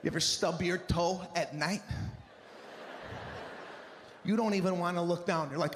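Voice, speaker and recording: A male stand-up comedian doing a live routine, telling stories in an animated, exasperated way with big swings in voice. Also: sits high, measured pace, long pauses, background noise. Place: theater stage before a live audience. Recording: echoey live venue with long reverb.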